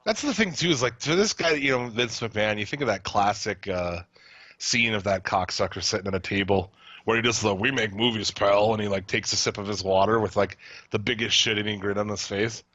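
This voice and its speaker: A man's voice: on the low side, fairly quick, pushed and bright, no room sound, muffled recording. A man co-hosting a live podcast in casual chat, blunt and profane, often laughing as he rants. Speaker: podcast co-host.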